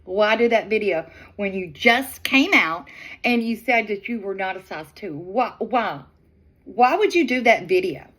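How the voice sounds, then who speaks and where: A middle-aged woman hosting her own channel, chatting in a drawn-out, exasperated way as she comments on video clips. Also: medium pitch, animated, fairly bright tone.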